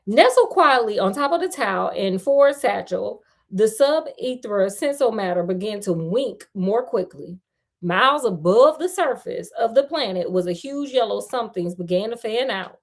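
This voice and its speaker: A woman's voice: mid-range voice, lively intonation, moderate pace. A woman reading a novel aloud casually, breaking off for playful, chatty asides. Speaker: storyteller. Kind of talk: casual read-aloud storytelling.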